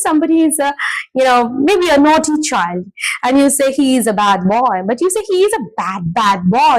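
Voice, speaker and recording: A woman's voice: high voice, rough recording. A woman teaching an English lesson, stressing key words and often checking in with "right?". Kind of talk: classroom lecture.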